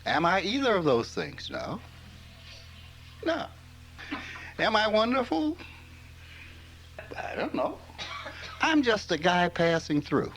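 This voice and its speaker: Lively, slow-talking older man. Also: sits high, soft background music, poor audio. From rural Mississippi, US. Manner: folksy storytelling, chuckles often. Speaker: spiritual teacher. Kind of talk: informal spiritual talk to a live audience.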